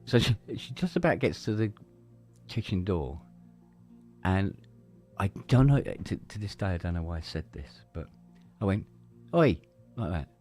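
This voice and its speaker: Man, low voice, animated pitch, casual podcast storytelling. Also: normal speed, long pauses, faint music behind. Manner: animated anecdote-telling, plays out his own story. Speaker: podcast co-host.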